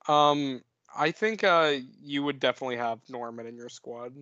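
A man's voice: mid-range voice, moderate pace, sharp tone, no echo, muffled recording. A young man co-hosting a podcast, thinking aloud with hesitant restarts and fillers. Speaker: podcast co-host. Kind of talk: casual chat.

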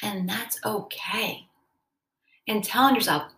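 A woman hosts a self-help podcast in a conversational style, acting out brief quoted dialogues as she talks. Her mid-range voice is a bit bright and comes at a normal speed. The room sounds echoey.

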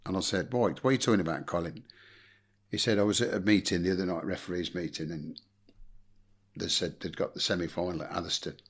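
A man's voice: low-pitched, fairly even intonation, fast, husky. A middle-aged English man, a former football manager, telling blunt anecdotes in a casual interview and acting out quotes. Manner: blunt anecdotal storyteller, swears, acts out quotes.

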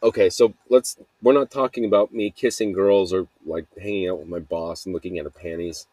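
Rambling deep-voiced man telling stories. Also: fairly even intonation, fairly quick, dark tone, dry recording. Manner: rambling, laughs often, swears casually. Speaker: podcast host. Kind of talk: rambling casual storytelling monologue. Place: outdoors at night.

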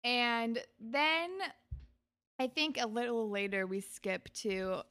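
Woman co-host, bright tense tone, a bit high, animated and laughing as she recaps. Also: slow pace, clear, resonant tone. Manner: laughs often, animated retelling of scenes. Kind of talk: casual recap chat.

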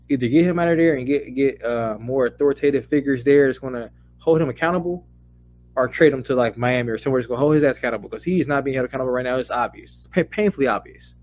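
A man co-hosting a casual sports podcast, heated and profane, his voice climbing into loud rants. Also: medium pitch, slight background noise. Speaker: podcast co-host.

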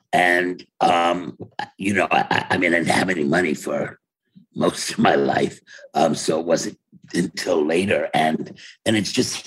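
A man's voice: low-pitched, slightly rough, low-quality recording. An older man with a New York accent, telling wry, rambling stories in casual conversation over a video call from his home office. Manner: rambling, self-interrupting, wry. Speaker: interview guest, playwright and actor. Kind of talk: casual storytelling.

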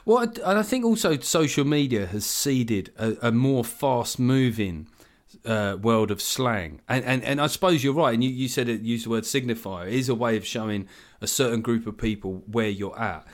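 A man's voice: mid-range voice, lively intonation, normal speed. Exasperated man in his forties. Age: 40s. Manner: opinionated, exasperated ranting with swearing. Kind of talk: casual chat.

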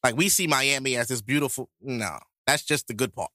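A man co-hosting a casual podcast, joking crudely and bantering with big animated swings. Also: medium pitch, a little fast, no echo, clean studio sound. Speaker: podcast co-host.

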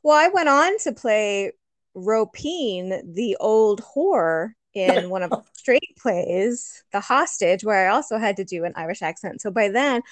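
Middle-aged woman, chatty guest, dry close sound, warm easygoing hesitations. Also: mid-range voice, lively intonation, a little slow, no echo. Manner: chatty, laughs often, hesitant fillers. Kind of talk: casual chat.

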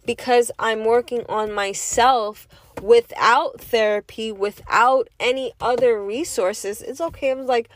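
A woman's voice: a little high, unhurried, no echo. A woman giving a casual, emphatic monologue, firing off rhetorical questions and now and then cursing. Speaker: vlogger giving opinions.

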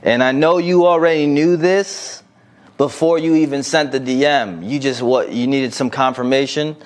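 A man co-hosting a casual podcast, reading out a listener's message and giving blunt, animated advice with plenty of swearing. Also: medium pitch, moderate pace. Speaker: podcast co-host.

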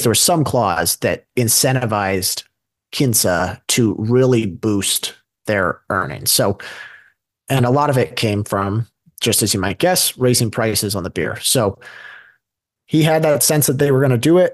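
On an investing podcast, a male co-host chats casually, working through stories with plenty of fillers and side comments. He speaks expressively at medium pitch and a measured pace, and the recording is dry.

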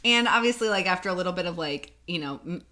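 Chatty podcast woman, bright voice. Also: lowish voice, animated, fast talker. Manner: chatty, lots of fillers, laughs easily. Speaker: podcast co-host. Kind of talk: casual chat. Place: in person with co-host.

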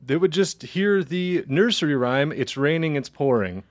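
A man's voice: a little high, lively intonation, normal speed. A man co-hosting a comedy podcast, telling a story in a rambling way, laughing often and acting out quoted voices. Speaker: podcast co-host. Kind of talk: casual comedic chat.

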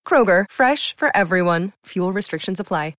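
A woman's voice: medium pitch, expressive, normal speed, a bit bright, no room sound, studio quality. A woman giving an upbeat, polished, scripted read of a grocery commercial. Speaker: commercial announcer.

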